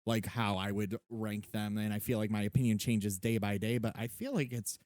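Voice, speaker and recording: A man's voice: fairly low pitch, steady tone, moderate pace, darkish tone, no room sound, studio quality. Opinionated male podcast co-host. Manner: emphatic, opinionated. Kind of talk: casual chat.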